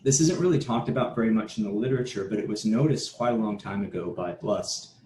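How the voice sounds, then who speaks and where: A man's voice: fairly low pitch, quick pace, mellow. A man giving an academic conference talk, explaining steadily and restarting a word now and then. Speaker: conference presenter. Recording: echoey room with faint noise.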